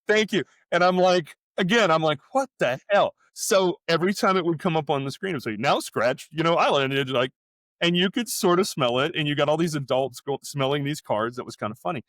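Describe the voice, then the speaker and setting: A man's voice: a little high, a little fast, a bit bright, no room sound. A middle-aged American man co-hosting a podcast, telling a long story in casual chat and often breaking off and restarting his sentences. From United States. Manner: rambling, self-interrupting storyteller. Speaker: podcast co-host.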